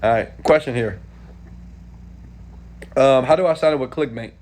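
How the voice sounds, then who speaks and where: A man in his thirties from Houston, Texas, answering viewer questions in a casual live stream, animated and talking straight to viewers. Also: medium pitch, normal speed. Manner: animated, talks straight to viewers with frequent "okay?".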